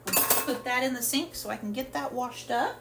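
A woman with a slightly high voice rambles cheerfully through a shopping haul at home, stopping often for fillers. Her talk is loose and unscripted. A faint room hum sits behind her. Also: normal speed. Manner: rambling and chatty with many fillers. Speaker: haul vlogger. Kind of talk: casual product haul chat.

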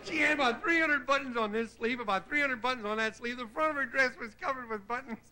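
A man hosting a TV variety show, delivering a stand-up monologue. He chuckles at his own jokes and slips into quick voices for the people in them. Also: very high voice. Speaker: comedian host. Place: TV studio stage before a live audience. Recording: loud hiss on a 1960s TV broadcast.

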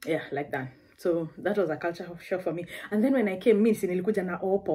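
A woman's voice: lowish voice, fast talker, dark tone, husky. A woman from Kenya with a Kenyan accent, telling personal stories in a chatty vlog full of asides. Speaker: vlogger. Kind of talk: casual storytelling.

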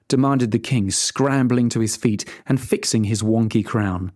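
A storyteller reading a fairy tale aloud in an expressive, animated way for English learners. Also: mid-range voice, measured pace, hardly any pauses, no room sound, clean studio sound.

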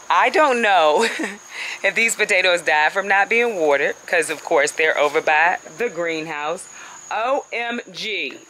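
A woman's voice: fairly low pitch, pushed and bright, slight background noise, poor audio. A woman chatting casually as she walks viewers through her backyard garden on a handheld phone, laughing often and calling them y'all. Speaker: home gardener vlogger. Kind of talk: casual garden walkthrough vlog.

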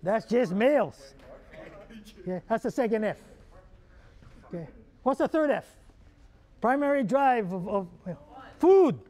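Joking Hawaiian Pidgin man, high voice. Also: expressive, a little slow, pauses often, a little mellow. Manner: joking, quizzes the audience with call-and-response questions. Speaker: keynote speaker. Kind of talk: humorous motivational keynote.

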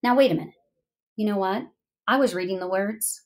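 A woman's voice: mid-range voice, a little fast, darkish tone. A middle-aged woman teaching a lesson to young students, encouraging and speaking directly to the children.

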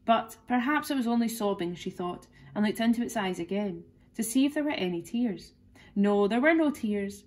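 A woman, a teacher, reading a children's classic aloud clearly and expressively. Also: mid-range voice, expressive, normal speed, a little mellow. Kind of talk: storybook read-aloud.

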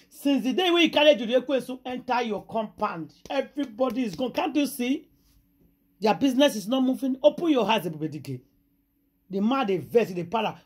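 Husky Nigerian woman dishing dramatic gossip. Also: a little high, very animated, fairly quick. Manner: dramatic retelling in Pidgin with repeated exclamations. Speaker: gossip channel host. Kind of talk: casual gossip storytelling.

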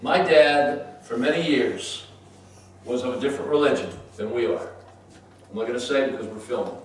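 A man preaching a sermon as pastor, dramatically acting out scripture, then softening into personal storytelling. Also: medium pitch, normal speed, slight background noise. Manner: emphatic preaching, voices Bible figures, drops to soft storytelling. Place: church sanctuary. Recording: roomy church, far from the mic.

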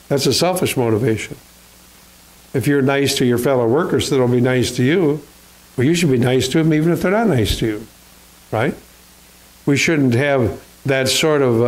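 Pastor guy preaching, mid-pitch voice, stops and restarts a lot, keeps asking the church "amen?". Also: a little mellow, poor audio. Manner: halting delivery with restarts and rhetorical questions to the congregation; reads scripture aloud in King James wording. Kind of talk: sermon.

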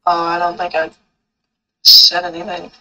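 Bright-voiced joking male gamer. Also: sits high, monotone, unhurried. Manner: joking, goofy. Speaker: streamer playing with friends. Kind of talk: casual gaming banter. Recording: slightly dull lo-fi mic.

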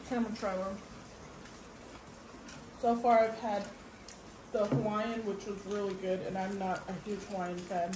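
A woman's voice: medium pitch, level tone, moderate pace, long pauses. A woman hosting a family vlog, chatting casually as she tastes and describes dishes at a restaurant table. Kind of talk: casual food review chat. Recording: echoey room with background noise.

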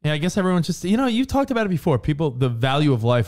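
High-voiced excitable man. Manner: excitable, swears freely, quick interjections. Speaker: co-host. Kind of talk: casual podcast chat.

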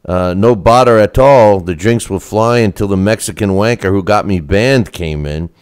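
A man's voice: fairly low pitch, normal speed, darkish tone, clean tone, lightly acted. A man reading a letter in a put-on Irish accent, playing a drunken, brash Irishman. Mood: boisterous. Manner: blustery, boozy storytelling.

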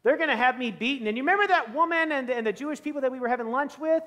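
A man acting out a calm, stern male spiritual teacher who speaks earnestly and emphatically. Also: extremely high pitch, racing, in a large hall, voice pushed up.

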